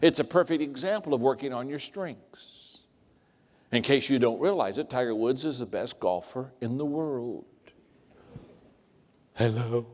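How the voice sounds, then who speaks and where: Animated older man telling jokes in a hall. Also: mid-range voice. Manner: storytelling, animated, jokey asides. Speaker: motivational speaker. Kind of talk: humorous speech to a live audience. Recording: long reverb of a large hall.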